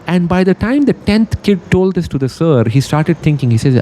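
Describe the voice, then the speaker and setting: A man giving a motivational talk, telling a story in an animated way and acting out the characters' quoted words. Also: a little high, normal speed, few pauses. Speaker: motivational speaker.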